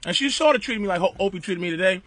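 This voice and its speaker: A man guest trading jokes on a radio show, his voice high and swinging all over as he acts out his stories. A clear crowd hum sits behind him in the studio. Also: very fast, rough recording. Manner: animated storytelling with mimicked voices. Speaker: comedian guest. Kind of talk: casual radio banter.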